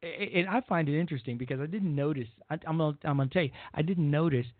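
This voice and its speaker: A man's voice: on the high side, quick pace, no echo. A man hosting a talk radio show, giving a blunt, rambling opinion monologue and often repeating himself. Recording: dry, phone-like narrow sound.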